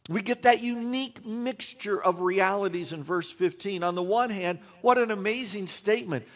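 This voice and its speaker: A man's voice: sits high, moderate pace, few pauses, fairly bright tone. A man preaching a sermon as a pastor, earnest and emphatic, with wry self-deprecating asides.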